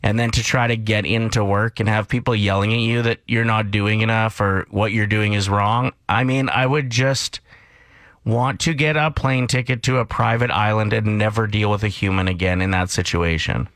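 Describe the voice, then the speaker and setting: A man's voice: fairly low pitch, normal speed, no room sound. A man from Canada co-hosting a morning radio show, ranting and telling stories in casual chat. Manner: animated, ranting and storytelling.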